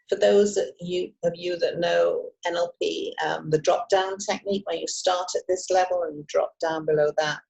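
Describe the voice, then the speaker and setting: A woman hypnotist and trainer teaching self-help techniques on a video call, expressive and encouraging. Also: on the low side, creaky, rough recording. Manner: lively, expressive, encouraging, with frequent asides. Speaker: hypnotist and emotional intelligence trainer.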